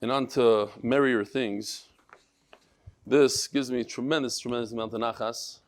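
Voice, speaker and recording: Animated man teaching a class. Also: mid-range voice, unhurried. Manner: animated, exclaiming, mixes Yiddish and Hebrew words. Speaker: daf yomi teacher. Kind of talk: lively Torah class talk.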